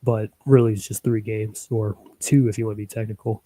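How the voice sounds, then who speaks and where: Speaking briskly in a flat, mellow, low-leaning voice, a man chats loosely about an animation project he's making as a hobby. He leans on fillers and drops small chuckles throughout, and the audio is rough.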